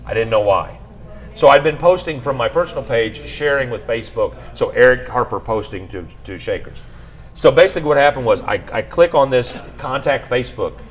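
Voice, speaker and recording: A man's voice: mid-range voice, lively intonation, brisk, poor audio. Guy in a bar rambling thru a story, keeps restarting, normal mid voice. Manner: rambling, restarts with "what had happened was". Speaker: podcast host telling a story. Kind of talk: casual storytelling.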